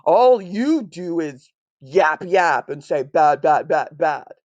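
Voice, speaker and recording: A woman's voice: deep voice, very animated, slow pace, a little mellow, no room sound, lo-fi sound, exaggerated voice. A woman playing a defiant greedy factory boss. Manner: defiant, blustering. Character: greedy stubborn male factory owner. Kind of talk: storybook reading.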